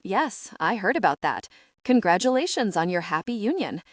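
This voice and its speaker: A smug, sadistic middle-aged man who drawls his words with false friendliness, as a woman reads him in an audiobook. The sound is dry and close, with no room around it. Her pitch sits in the middle range. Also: sing-song, moderate pace, no echo. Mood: mocking. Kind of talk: audiobook character reading.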